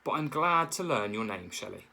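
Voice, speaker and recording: A man voicing a kind, calm female robot who speaks in a polite, formal manner. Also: mid-range voice, moderate pace, gravelly, exaggerated voice.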